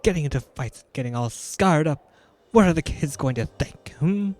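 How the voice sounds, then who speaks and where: A man voicing a timid, gentle young woman from a video game, reading her lines in a raised, hesitant, girlish voice. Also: animated, a little fast, close to an everyday voice. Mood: scolding. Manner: hesitant, apologetic, put-on high girlish voice. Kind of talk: reading game dialogue aloud in character.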